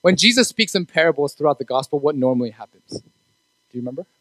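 Male youth pastor, conversational sermon delivery, higher register, dry close sound. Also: lively intonation, fast talker, fairly bright tone, no room sound, poor audio. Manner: conversational, asks the room for agreement. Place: church.

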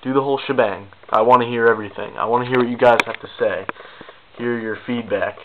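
A man's voice: mid-range voice, fairly even intonation, fast talker, phone-quality sound, slight background noise. A young man rambling casually to the camera in a goofy, self-mocking vlog. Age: young adult. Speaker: video blogger.

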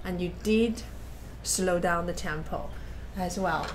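A woman's voice: lowish voice, takes it slowly, a little hiss or hum. A woman giving patient masterclass feedback as a piano teacher, explaining plainly and counting or humming passages aloud. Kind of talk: masterclass feedback on a recorded performance. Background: piano playing.

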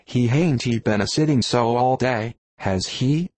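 A man voicing a bossy, practical middle-aged female innkeeper in an audiobook reading, scolding and brisk. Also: medium pitch, darkish tone, no room sound, lightly acted.

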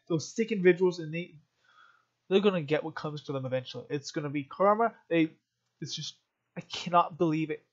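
A man with a fairly high voice gives rambling, emotional commentary, often stumbling and restarting mid-sentence. The recording is dull and lo-fi, like a cheap mic. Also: fairly quick. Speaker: political commentary vlogger. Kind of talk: rambling commentary while reading articles.

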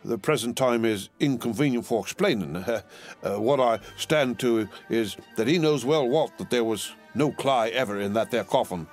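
A man voicing a threatening, blunt middle-aged London porter who speaks in rough, uneducated speech. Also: mid-range voice, normal speed, faint music behind, pitched above the performer's own voice, lightly acted. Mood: gruff.

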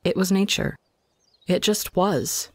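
Calm man narrating a story, dry. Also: sits high, takes it slowly, no echo. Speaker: fanfiction reader. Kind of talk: scripted narration.

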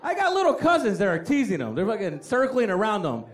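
A young man performs a stand-up set in a large venue, holding a stage mic and telling stories animatedly with lots of profanity while acting out voices. He talks fast in a high voice. The live recording carries audience laughter, a faint crowd, and slight background noise.

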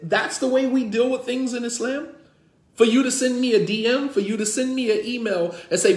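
A man's voice: very high-pitched, fairly even intonation, moderate pace, roomy sound. A man who is an imam, teaching a religious class in an emphatic, repetitive way with many rhetorical questions. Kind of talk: impassioned religious class lecture.

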